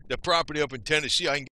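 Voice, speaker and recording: This older man's voice is on the high side with a sharp tone. A vlogger from Northeast New Jersey, he rambles to the camera in a folksy rant, swearing mildly and often asking "you know?"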